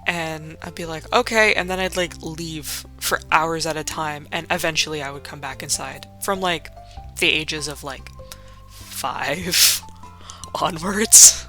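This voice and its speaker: A woman's voice: low-pitched, fairly even intonation, slow, pushed and bright, faint music behind. A young woman hosting a laid-back game playthrough, rambling and swearing, full of fillers. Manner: rambling, profane, full of likes. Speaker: let's play host. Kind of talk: casual gaming commentary.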